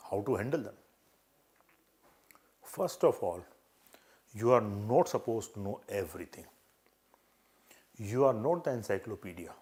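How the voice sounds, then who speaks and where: A man's voice: mid-range voice, a little mellow. An older man with an Indian English accent, giving earnest, repetitive advice as an interview coach and acting out short exchanges. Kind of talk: live advice session.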